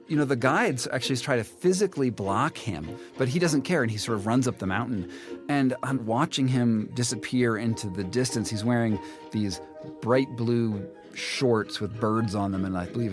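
A man's voice: mid-range voice, normal speed, over music. A man telling his own story casually, acting out quotes in a raised voice. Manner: animated, acts out quotes in a raised voice. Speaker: interviewee recounting a climb.

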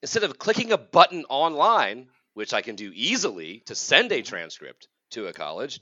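A man's voice: medium pitch, very animated, normal speed, sharp tone, no room sound, dull audio. A man in his forties, a college counselor co-hosting a podcast, ranting in an exasperated, sarcastic way. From United States. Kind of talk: casual podcast rant.

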